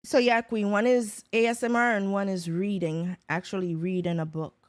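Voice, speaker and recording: A woman's voice: mid-range voice, flat delivery, moderate pace. A woman streamer in casual chat, greeting viewers by name and talking loosely with them. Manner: chatty, talks to viewers by name. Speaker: livestreamer.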